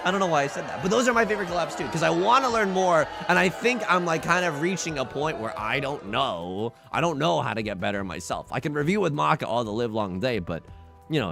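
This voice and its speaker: Male streamer, casual chat, bouncy pitch, a bit of fry, faint music underneath. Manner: animated, self-deprecating, frequent restarts.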